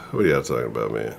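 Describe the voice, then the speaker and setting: A man hosting a live sports talk stream, ranting in an animated, profane, casual way. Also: extremely low pitch, gravelly, breathy edge. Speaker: sports talk show host.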